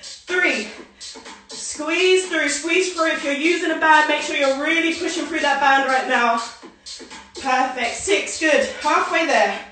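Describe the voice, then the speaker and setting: A woman's voice: high-pitched, slow, bright, forceful tone, faint music behind. A young woman fitness instructor leading a live workout, counting reps and cheering people on while short of breath from exercising. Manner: upbeat and encouraging, calls out counts and cues. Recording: very echoey room, mic far off.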